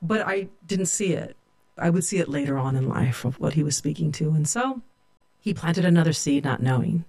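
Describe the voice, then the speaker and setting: A woman's voice: sits low, lively intonation, normal speed, a little mellow. A middle-aged woman from California, a sociology professor, telling her own story in a reflective, candid way. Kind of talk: personal storytelling.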